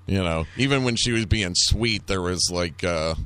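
A man's voice: deep voice, normal speed, fairly bright tone, clear, resonant tone. A man hosting a talk show, bantering in a crude, sarcastic way. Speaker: radio show host. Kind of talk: casual chat.

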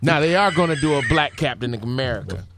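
A man on a show's staff answering questions in a hesitant, halting way. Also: on the high side, animated, background noise. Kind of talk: casual chat.

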